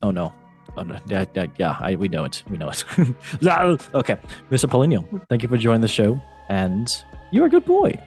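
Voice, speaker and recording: A man's voice: on the low side, expressive, brisk, darkish tone, faint music behind. A man hosting a casual football quiz podcast, playful and rambling with jokey asides. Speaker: quiz show host.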